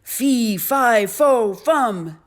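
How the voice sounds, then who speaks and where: A woman voicing a huge, gruff male giant in a storybook reading, bellowing his lines. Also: fairly low pitch, expressive, normal speed. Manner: bellowing, shouting.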